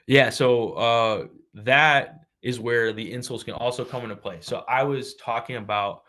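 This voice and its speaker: A man's voice: medium pitch, normal speed, bright, forceful tone. A man co-hosting a podcast, casually explaining how a product works, with frequent "uh" and "um" fillers.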